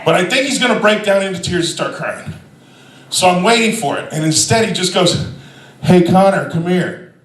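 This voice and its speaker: Loud, profane stand-up comic man. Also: high voice, a little fast, reverberant, distant mic, low-quality recording. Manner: profane, loud, animated storytelling with shouted quotes. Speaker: stand-up comedian. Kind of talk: stand-up comedy set.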